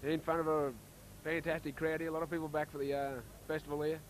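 A man's voice: fairly high pitch, fast talker, a little hiss or hum, low-quality recording. Chatty Australian man commentating footy. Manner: casual and chatty, excitable on tries. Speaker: rugby league commentator. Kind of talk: local match commentary.

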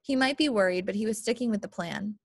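A woman narrating an audiobook in measured first-person storytelling. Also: mid-range voice, husky, dry recording, clean studio sound. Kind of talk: audiobook reading.

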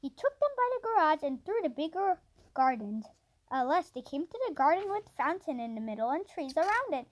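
A woman reads a children's storybook aloud in a high voice that rises and falls a great deal. She goes at an unhurried pace and sometimes stumbles and restarts a word. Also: big pitch swings. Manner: unhurried reading with small slips and restarts. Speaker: audiobook reader.

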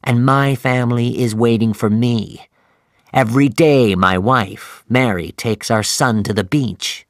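A man voicing an earnest, quiet first mate on a whaling ship in an audiobook. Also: medium pitch, measured pace, dry recording, clean studio sound, natural voice. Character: worried male first mate, steady.

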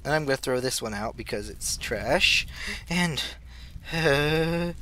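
Man narrating a game with excited squeals. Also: medium pitch, slow pace, a little hiss or hum. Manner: talks to himself, bursts into excited squeals. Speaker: gaming channel host. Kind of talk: let's play commentary.

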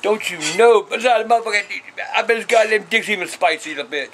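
A middle-aged father answering viewer questions in a blunt, foul-mouthed way, with bursts of shouted cursing. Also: sits high, brisk, slight background noise. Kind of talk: profane casual Q&A.

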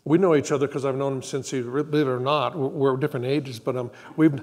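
An older man speaks in a calm, reflective way during a church sermon. He tells a personal story slowly, pausing and restarting as he goes. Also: mid-range voice. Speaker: co-pastor. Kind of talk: conversational sermon. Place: church sanctuary.

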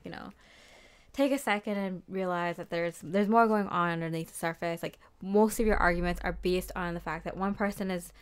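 Smooth-voiced chatty woman reading tarot. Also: on the low side. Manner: chatty, lots of fillers and quoted voices. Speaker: tarot reader. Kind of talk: casual spoken tarot reading.

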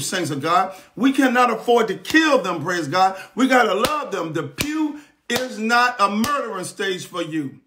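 Preacher guy, fairly high voice, keeps saying praise god, gets shouty. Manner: call-and-response preaching, repeated praise God; rises to shouting at times. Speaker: pastor. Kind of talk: sermon. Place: church pulpit streamed online.

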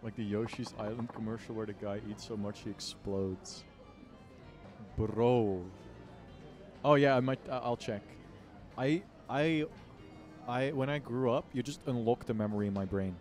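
A man streaming a game, joking at his own expense and drifting into little hums as he plays. He talks slowly over a desk mic, with the game's music clearly playing under him. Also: mid-range voice, darkish tone. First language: Dutch. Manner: goofy, self-mocking, breaks into humming. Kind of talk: casual let's-play chat.

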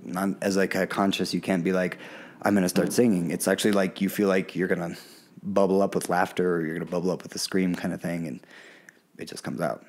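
A man's voice: low voice, flat delivery, a little fast. A man as a podcast guest, telling a personal story in a candid, earnest way and acting out the voices of people he quotes. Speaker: podcast guest, plant medicine guide. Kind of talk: casual storytelling in an interview.

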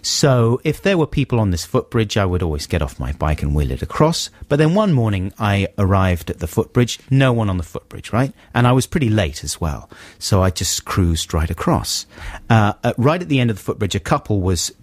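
A man co-hosting a radio show, telling an exasperated anecdote in a casual, animated way with many asides. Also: lowish voice, brisk, no room sound. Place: radio studio. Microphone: studio microphone.

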